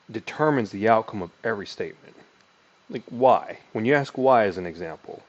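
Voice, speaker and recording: A man with a lowish voice talks through sales call techniques in a loose, conversational teaching style. He peppers his speech with fillers and restarts, and his inflection swings up and down. The recording sounds a little dull and lo-fi. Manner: lively inflection, pitch rising and falling. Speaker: sales trainer. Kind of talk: casual teaching monologue with role-played call lines.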